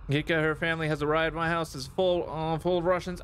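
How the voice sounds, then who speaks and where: A man's voice: on the high side, normal speed, few pauses, a bit bright, clear, resonant tone. A man streaming a game live, chatting casually and greeting viewers as he plays.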